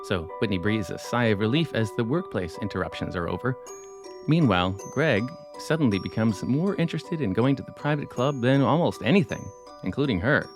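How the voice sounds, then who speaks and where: A man hosting a podcast, delivering scripted narration with dramatic pauses. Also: fairly low pitch, expressive, music in the background.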